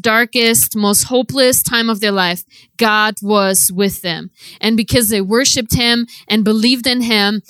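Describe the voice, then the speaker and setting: Fiery, bright-voiced woman preacher. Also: a little high, no echo. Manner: swings from hushed storytelling to loud impassioned preaching; conversational, many "like" fillers. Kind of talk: passionate testimony preaching.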